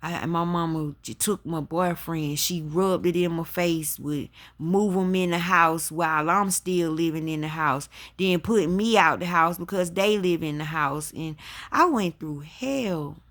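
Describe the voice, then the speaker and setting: Woman host, slow unhurried delivery, emphatic preacher's testimony to her audience. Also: fairly low pitch, a bit bright. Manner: emphatic, addresses listeners as y'all. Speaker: spiritual talk host.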